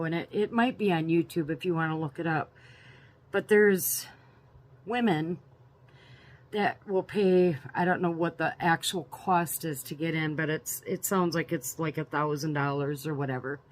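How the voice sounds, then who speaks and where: A middle-aged woman with a lowish voice runs a prepping channel and talks casually in an opinionated, ranting vlog. She laughs a lot and tends to repeat words.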